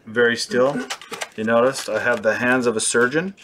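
Background noise accompanies a young man from British Columbia, Canada, as he hosts a casual fly-tying tutorial at a moderate pace. In a medium-pitched voice, he jokes playfully and pokes fun at himself while he works.

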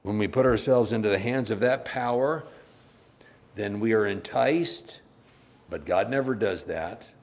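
A man pastor preaching a sermon, conversational and plain-spoken, with sudden animated bursts. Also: fairly low pitch, unhurried.

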